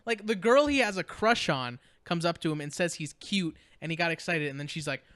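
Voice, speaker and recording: A man's voice: fairly high pitch, animated, fairly quick, a bit bright, dry recording. A man co-hosting a podcast, casually recapping a movie, rambling and laughing as he mocks the characters in quoted voices. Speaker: podcast co-host.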